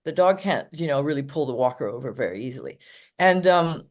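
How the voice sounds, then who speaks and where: A woman's voice: very deep voice, lively intonation, fairly quick, a little mellow. An older woman, a dog trainer, chatting casually in an interview and telling rambling anecdotes with frequent laughs.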